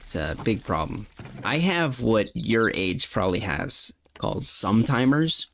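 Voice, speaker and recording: Gravelly low-voiced young man joking. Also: very animated, a little slow, fairly bright tone, a little hiss or hum. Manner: joking, self-mocking comebacks. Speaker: streamer host. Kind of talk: casual gaming-stream banter.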